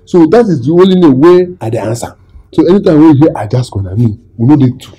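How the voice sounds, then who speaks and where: A man's voice: fairly high pitch, lively intonation, fast, warm tone, slightly rough. A man with a Nigerian accent playing a boastful young cook interviewing for a job, rambling and mixing in Pidgin. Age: 20s.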